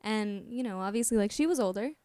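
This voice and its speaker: A young woman from Florida talks as a guest in a relaxed interview. She is bubbly, laughs often and fills her talk with "like". Her voice is smooth and clear, recorded dry and close. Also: mid-range voice, fast, dry recording. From Orlando, Florida, US. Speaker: guest, singer and actress. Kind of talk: casual interview chat.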